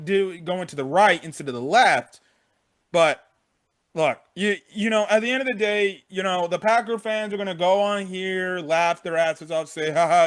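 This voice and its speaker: A young man with a notably high-pitched voice talks through a game recap in a loose, unscripted way. He swears freely and keeps restating his points as he goes. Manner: frank, profane, repeats himself. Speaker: sports fan vlogger. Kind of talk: casual game recap rant.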